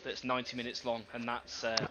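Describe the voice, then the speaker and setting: A man's voice: mid-range voice, completely flat delivery, fairly quick. A man giving live sim racing commentary, chatty and running through the grid with asides. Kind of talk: live esports race commentary. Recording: loud game engine noise behind.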